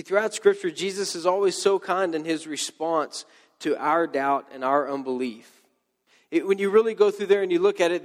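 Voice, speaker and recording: A man's voice: fairly high pitch, big-room sound. A man preaching a sermon in a conversational way, with joking asides and playful quoted voices. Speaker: pastor.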